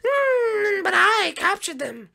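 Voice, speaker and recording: A man's voice: very high voice, very animated, takes it slowly, vocal fry, pushed and bright, voice pushed up, exaggerated voice. A man voicing a smug, bossy male butter creature in a lazy, lordly drawl for a game roleplay.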